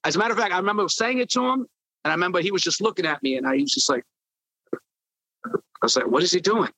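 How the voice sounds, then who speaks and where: A man recounts his days as a label intern in an interview, telling it animatedly and acting out what people said. His voice is bright and a little high. The sound is close and dry. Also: very fast, gravelly, dry recording, rough recording. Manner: animated storyteller acting out quotes. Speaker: former record label intern. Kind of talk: storytelling interview.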